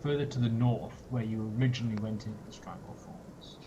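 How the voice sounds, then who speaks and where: Man as game master, measured wry narration, dull hissy call audio. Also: on the low side.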